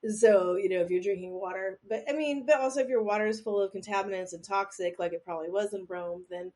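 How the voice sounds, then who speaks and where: Speaking fast with a medium pitch and darkish tone, a woman co-hosts a podcast and runs a quiz. Her delivery is rambling and self-deprecating, full of jokey asides, and she sometimes leans back from the microphone in this casual chat.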